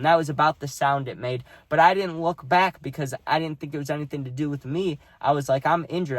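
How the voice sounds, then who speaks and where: A young man telling a personal story in a casual, animated way, full of "like" and "dude". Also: a little high, no echo. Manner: animated, heavy use of "dude" and "like".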